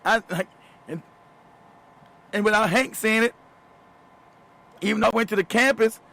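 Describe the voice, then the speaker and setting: A man's voice: sits high, normal speed, vocal fry, bright, forceful tone. A middle-aged man hosting a talk show, telling a story casually, often laughing, swearing and repeating words. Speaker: show host.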